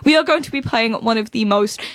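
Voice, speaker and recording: A woman's voice: fairly high pitch, brisk, no echo. A young woman hosting a community radio show, chatting playfully and laughing often with her friends in the studio. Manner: giggly, playful and animated. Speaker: radio host. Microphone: studio microphone.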